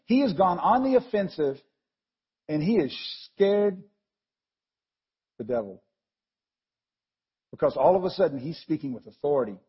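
A man preaching a chatty, digressive sermon, telling the story with lively asides. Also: fairly high pitch, breathy edge. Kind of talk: conversational sermon. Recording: dull lo-fi recording.

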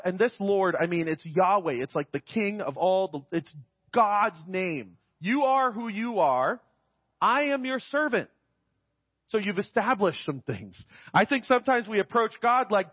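A man's voice: high-pitched, expressive, moderate pace, no echo, dull audio. A man preaching a sermon in a conversational way, often checking in with his listeners. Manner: conversational, often adds "right?".

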